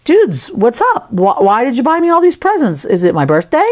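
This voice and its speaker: A woman voicing a small, excitable male clay creature in a chirpy, exaggerated way. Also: a little high, moderate pace, voice pushed up. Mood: excited.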